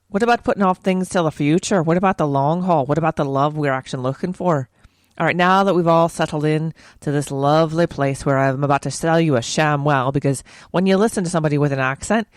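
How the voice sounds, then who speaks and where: A woman's voice: low-pitched, no room sound, studio quality. A woman podcast host putting on an Irish accent for a playful, heavily sworn casual monologue. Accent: put-on Irish. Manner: playful, heavy swearing.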